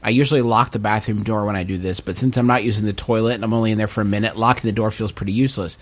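A man's voice: fairly low pitch, steady tone, rapid-fire. Man cracking dry jokes. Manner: dry wisecracks. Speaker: podcast co-host. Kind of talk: casual comedic chat.

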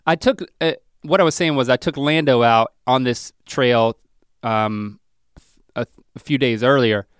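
A man's voice: a little slow, clear, resonant tone, dry recording, studio quality. A middle-aged man co-hosting a casual comedy chat, telling rambling, self-mocking stories about his kids. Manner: rambling, self-mocking storytelling with lively pitch swings. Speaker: podcast co-host.

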